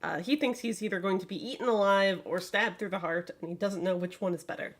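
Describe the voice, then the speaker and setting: A woman narrating as game master of a tabletop game, in casual, animated speech. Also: mid-range voice, quick pace.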